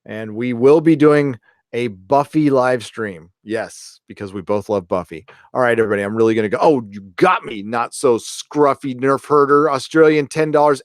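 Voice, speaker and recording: A man's voice: mid-range voice, normal speed, no echo, studio quality. Rambling man hosting a live stream. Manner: rambling, reads donations aloud, jokey. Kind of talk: casual live stream chat.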